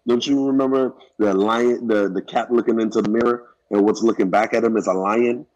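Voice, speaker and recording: A man's voice: on the low side, steady tone, fairly quick, darkish tone, highs cut off. A man in a casual faith chat, explaining his point earnestly.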